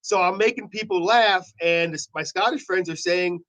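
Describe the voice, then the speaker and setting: A radio host chats casually, telling rambling stories that stall and restart. His man's voice sits high for a man. The audio is dull and lo-fi. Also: moderate pace, fairly bright tone. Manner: rambling storyteller, many restarts. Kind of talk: casual chat.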